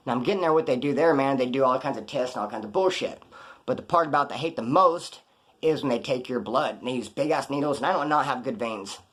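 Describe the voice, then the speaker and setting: Fast-talking profane man telling stories. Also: medium pitch, fairly bright tone. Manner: blunt, profane, streetwise storytelling. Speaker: storyteller recounting prison experiences. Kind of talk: casual storytelling to camera.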